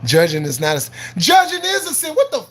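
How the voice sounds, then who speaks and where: High, bright-voiced man ranting on a livestream. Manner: combative, profane, repeats himself, laughs often; preachy and argumentative, quoting scripture. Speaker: livestream host. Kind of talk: live-stream rant answering chat.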